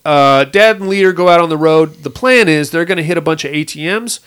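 A man chatting loosely about a movie, slipping into voices for each character as he retells the scenes. His voice sits a touch higher than most men's. The tone stays casual and crude throughout. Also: fairly quick, clean tone. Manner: animated retelling, acts out characters' lines in shifting voices. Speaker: podcast co-host recapping a movie. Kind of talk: casual profane chat.

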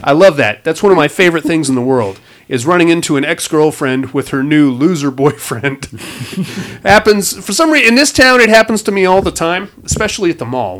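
A man's voice: on the high side, fairly bright tone. A man casually recapping a movie plot, rambling and swearing with wisecracks. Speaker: podcast host.

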